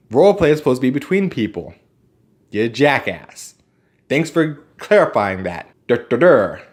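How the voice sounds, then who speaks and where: A man's voice: mid-range voice, animated, a little slow, long pauses. A man delivering an angry, profane, sarcastic rant on his vlog. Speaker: vlogger ranting about roleplay community.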